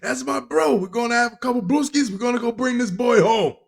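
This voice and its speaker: A man's voice: brisk, vocal fry. A man voicing a goofy, beer-loving middle-aged father in a put-on Long Island accent. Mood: boastful. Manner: high, drawling, jokey put-on voice.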